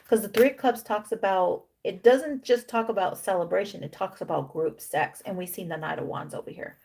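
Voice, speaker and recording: A woman's voice: mid-range voice, a little fast, gravelly, darkish tone, a little hiss or hum. Woman giving an emphatic tarot reading. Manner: drops in Spanish slang words; acts out imagined dialogue of the cards' figures. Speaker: tarot reader. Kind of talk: casual tarot reading to camera.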